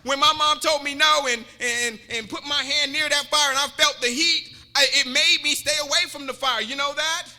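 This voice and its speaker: High, bright-voiced joking preacher. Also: male voice, fairly even intonation, moderate pace, few pauses. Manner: joking, repetitive, calls out to the congregation. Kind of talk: sermon. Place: church. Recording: reverberant church hall.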